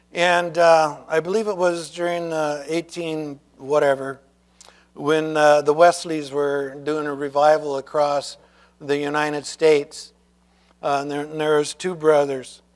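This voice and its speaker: A male pastor preaching to his congregation. His voice sits high, and he takes his time, reading scripture carefully and pausing to ask questions. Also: fairly even intonation. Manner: reads scripture slowly, asks congregation questions. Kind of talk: sermon.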